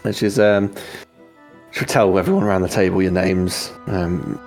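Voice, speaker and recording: A man runs a tabletop role-playing session in a relaxed, pausing voice set lower than most. He describes the scene slowly, and faint music plays behind him. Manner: relaxed, hesitant with fillers. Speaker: game master. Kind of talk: narrating a tabletop game.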